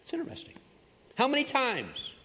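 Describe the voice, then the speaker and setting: A man's voice: very high voice, huge pitch swings, normal speed, bright, forceful tone, slight background noise. Emphatic male pastor in a reverberant hall. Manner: emphatic, repeats key phrases, folksy humorous asides. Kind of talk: sermon. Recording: long reverb of a large hall.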